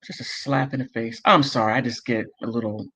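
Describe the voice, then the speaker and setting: This livestream host has a husky mid-range voice with a bright, forceful tone, speaking fairly quickly and steadily. He reads chat aloud and gets riled up, emotionally breaking off to apologize and correct himself, all captured in dull lo-fi sound.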